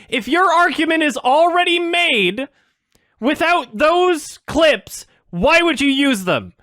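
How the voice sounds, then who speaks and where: A man hosting a reaction video, ranting in an exasperated, sweary way, swinging between loud outbursts and low sarcastic muttering. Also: dry recording, clean studio sound. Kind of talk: ranting commentary.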